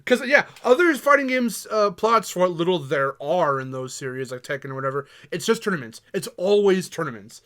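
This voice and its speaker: A young man with a slightly high voice, chatting casually on a podcast. He is laid-back and quick to laugh, and he drops swear words freely as he talks. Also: lively intonation, pushed and bright. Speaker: podcast co-host.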